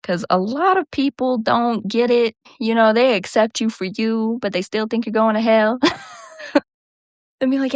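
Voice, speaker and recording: A woman's voice: mid-range voice, unhurried, dry recording, clean studio sound. Laughing woman telling casual stories. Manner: animated, laughs often, slips into quoted voices. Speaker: host. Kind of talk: casual storytelling monologue.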